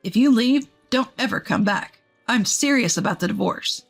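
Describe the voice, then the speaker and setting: A curt, scornful husband who talks down to his wife, read by a woman narrator. The voice sits a little high. Soft music runs quietly underneath. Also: animated, normal speed, vocal fry. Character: arrogant dismissive adult husband.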